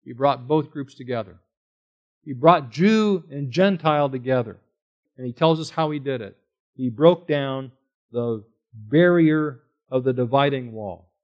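A man's voice: mid-range voice, a little slow, highs cut off. A man preaching a sermon, reading scripture aloud and working through it verse by verse, asking questions and then answering them. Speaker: pastor.

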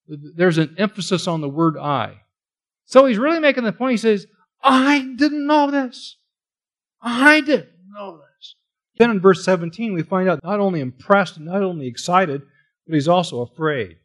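A man teaching a Bible study sermon, animated and asking the listeners questions as he stresses key words. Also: on the high side. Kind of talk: expository sermon.

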